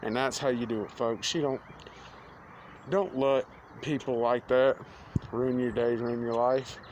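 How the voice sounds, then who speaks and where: A man's voice: mid-range voice, steady tone, a little slow, a little mellow. Earnest man telling a story. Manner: plain-spoken, earnest, quotes others in conversation. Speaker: vlogger. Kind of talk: casual storytelling to camera. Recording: faint outdoor street noise.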